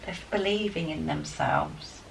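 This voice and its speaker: A woman giving a spiritual tarot guidance reading, excitable and enthusiastic as she talks straight to her viewers. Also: deep voice, measured pace, vocal fry. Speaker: tarot card reader. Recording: distant mic with faint background noise.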